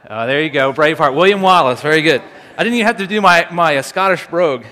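In a large hall with long reverb, a man talks informally to an assembled audience, alternating dramatic recitation with questions for them and leaning on fillers and restarts. His fairly high voice is animated and sharp, moving at a quick pace.

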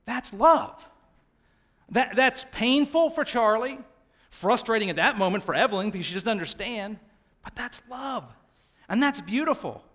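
Middle-aged male pastor, sermon delivery, lively pitch swings, bright tone. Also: moderate pace. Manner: animated preaching, drops to quiet for emphasis.

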